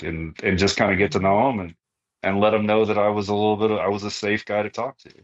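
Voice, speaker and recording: A middle-aged man with a low voice talks in a relaxed, conversational way. He is plain-spoken and often ends a point with "right?", like a retired sergeant major explaining how things work. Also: quick pace. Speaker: podcast guest, retired army sergeant major. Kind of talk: casual conversational interview.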